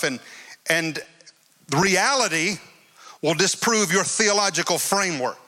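A man's voice: high-pitched, animated, measured pace, sharp tone. A male preacher giving an emphatic sermon and repeating his phrases. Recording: long hall reverb.

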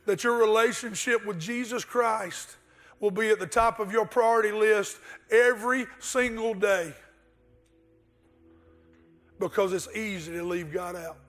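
A man's voice: high-pitched, steady tone, a little slow, pauses often, fairly bright tone, faint music behind. A male pastor delivering an earnest sermon, with rhetorical questions and a told story.

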